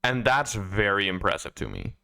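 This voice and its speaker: A man giving casual, rambling reaction commentary on an album, pausing often and restarting his sentences. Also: fairly low pitch, wildly swooping pitch, vocal fry, sharp tone. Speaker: music reaction YouTuber.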